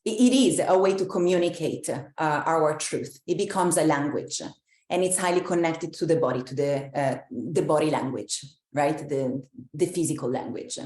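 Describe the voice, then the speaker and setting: Italian-accented woman coach, lowish voice, loose reflective delivery in an echoey room. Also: moderate pace, a little mellow. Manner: many fillers and restarts, reflective. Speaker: embodiment coach. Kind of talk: live online talk to a group.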